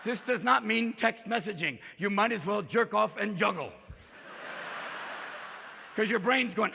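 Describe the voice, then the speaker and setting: A man in his fifties doing a manic, profane stand-up comedy set on a theater stage, jumping between rapid-fire character voices. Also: sits high, creaky, background noise. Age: 50s. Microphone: stage microphone. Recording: live theater recording with long reverb and crowd. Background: audience laughter.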